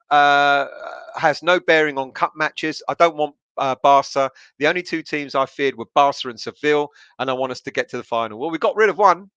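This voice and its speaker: Chatty English fan host, bright dry voice. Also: male voice, on the high side, clean tone, no room sound, muffled recording. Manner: chatty, laughs often, many fillers and restarts. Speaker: podcast host reading live chat comments. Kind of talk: casual live-stream chat.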